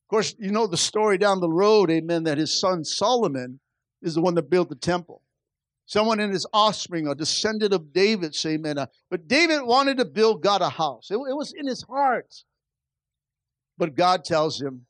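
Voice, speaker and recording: A male pastor preaching a sermon at a church service, animated and acting out the voices he quotes. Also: sits high, moderate pace, no echo.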